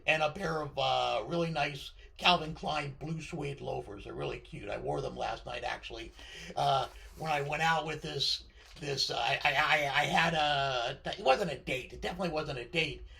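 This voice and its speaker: A man's voice: on the high side, moderate pace, creaky, sharp tone. A middle-aged man with a scratchy voice, vlogging from home in a rambling, digressive monologue that keeps stammering and interrupting itself.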